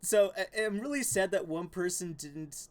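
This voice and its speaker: A man's voice: high voice, expressive, moderate pace. A man co-hosting a casual podcast, telling stories animatedly and laughing often. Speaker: podcast co-host. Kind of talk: casual banter.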